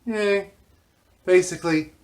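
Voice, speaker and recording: A man's voice: high-pitched, takes it slowly, darkish tone. A middle-aged man telling a rambling story in a loose monologue, constantly adding filler tags and swearing casually. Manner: casual, constantly says "you know what I mean", swears freely. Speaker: video journal host.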